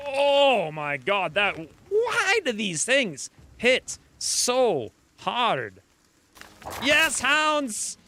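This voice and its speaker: A man streaming a strategy game, talking excitedly over the play and crying out when his fighters get hit. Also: high-pitched, slight background noise. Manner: animated, yelps and cries out at hits. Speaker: gameplay streamer. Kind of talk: excited gameplay commentary.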